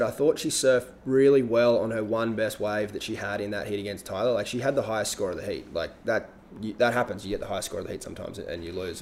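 A man chatting casually about competition surfing, relaxed and rambling, with frequent restarts. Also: on the low side, slight background noise. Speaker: surf analyst guest. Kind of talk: casual podcast chat.

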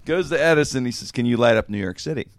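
A man's voice: mid-range voice, animated, quick pace, dry recording. A man hosting a podcast, telling a long story in casual, profane chat and acting out the quotes. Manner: rambling, profane, acts out quotes. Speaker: podcast host.

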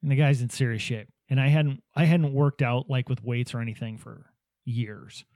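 A man's voice: mid-range voice, fairly even intonation, normal speed, a little mellow, no echo. A man in casual chat, telling anecdotes and acting out what people said, laughing easily. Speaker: podcast host, business owner.

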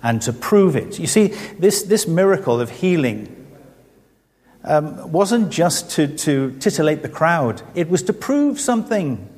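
A man's voice: a little high, big pitch swings, a little slow, darkish tone. A middle-aged man preaching a sermon, telling stories and asking rhetorical questions in an earnest manner. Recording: reverberant hall.

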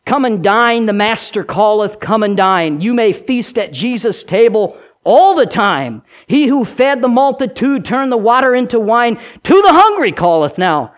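A male pastor delivers a sermon with a high, lively voice. His pitch leaps and falls as he acts out quoted lines. The delivery is dramatic and heartfelt.

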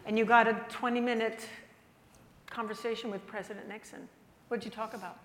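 A woman radio host moderating an on-stage conversation, playful and quick to laugh. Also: fairly high pitch, fairly even intonation. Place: large banquet hall. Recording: echoey hall with long reverb and faint noise.

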